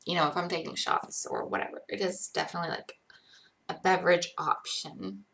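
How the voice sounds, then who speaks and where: A woman's voice: on the low side, big pitch swings, fairly quick, gravelly, fairly bright tone. A woman in her twenties from Georgia, with a light accent that has little Southern to it, chatting casually on a livestream and answering viewer questions in a rambling way. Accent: light Connecticut-tinged American, little Southern. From Georgia, USA. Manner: chatty, rambling, many likes and ums. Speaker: livestream host. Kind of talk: casual live chat reading viewer questions.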